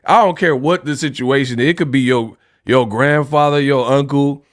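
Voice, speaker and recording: A man's voice: mid-range voice, normal speed, no echo, clean studio sound. A young man hosting a casual boxing livestream, joking around and laughing often. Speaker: livestream host.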